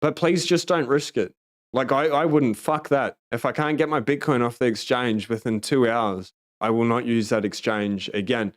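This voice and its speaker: An Australian man hosts a loose livestream and talks straight to his viewers. He is blunt and emphatic and swears freely. His voice is smooth and resonant at an ordinary middle pitch. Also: normal speed. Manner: blunt, heavily profane and emphatic. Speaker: livestream host. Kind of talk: casual livestream chat, reading viewer comments.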